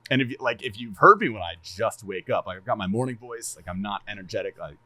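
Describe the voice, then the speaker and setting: A man casually chatting on a podcast, animated and laughing a lot, swearing freely and stumbling over repeated words. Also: on the low side, quick pace. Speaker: streamer and podcast co-host.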